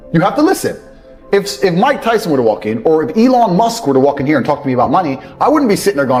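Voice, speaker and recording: A man's voice: fairly high pitch, sing-song, quick pace, darkish tone. A man, ranting bluntly and profanely in a motivational talk, scornful of others. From England. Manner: profane, scornful, mocks others in put-on voices. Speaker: motivational speaker. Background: faint background music.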